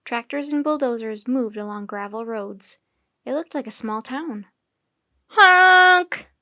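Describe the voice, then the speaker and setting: A woman storyteller reading a children's chapter book aloud in steady, clear narration. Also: on the high side, normal speed, dry recording, clean studio sound.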